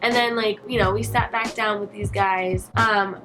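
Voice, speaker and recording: A woman telling a storytime vlog in a chatty, animated, profane way. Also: medium pitch, normal speed, music in the background. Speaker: vlogger. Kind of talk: casual storytime.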